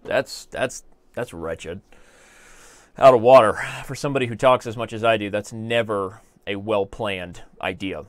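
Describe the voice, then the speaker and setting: Joking American chess streamer, dry sound. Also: male voice, lowish voice, moderate pace, a bit bright, dry recording. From United States. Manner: joking, rambling, talks to chat. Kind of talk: live chess stream commentary.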